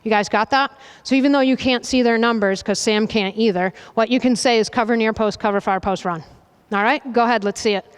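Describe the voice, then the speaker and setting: A woman coach runs a hands-on goalkeeping demo, her higher, clear, resonant voice ringing through a large indoor hall with a long echo. She gives brisk, directive instructions, keeps checking in with "okay?", and calls commands out loudly. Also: fairly even intonation. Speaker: soccer coach running a goalkeeping demonstration. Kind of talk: on-field coaching demonstration. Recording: reverberant hall, voice from a distance.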